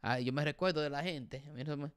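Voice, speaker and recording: A young man hosts a casual livestream, chatting with viewers and reading their comments aloud. He switches easily between English and Spanish in an animated way. His voice sits a little high, smooth and clear, recorded dry and close. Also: rapid-fire, dry recording. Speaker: livestream host.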